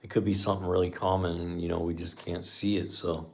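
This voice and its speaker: Low and creaky, his voice moves fast with a flat delivery. He's a middle-aged mechanic on a live stream, chatting with viewers like a folksy storyteller, swapping shop tales and saying "man" frequently.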